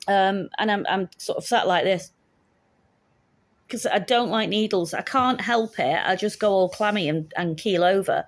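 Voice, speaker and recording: A woman's voice: medium pitch, normal speed. A woman in her fifties telling a stressful story in a casual, candid way, with dry humour, acting out each exchange as she goes. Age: 50s. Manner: candid, wry, acts out the dialogue. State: shaken, stressed. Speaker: vlogger.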